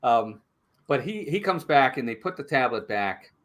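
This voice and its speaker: Animated man co-hosting a movie chat. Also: mid-range voice, normal speed. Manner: animated, retells scenes with laughs. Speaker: movie review co-host. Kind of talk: casual live-stream chat.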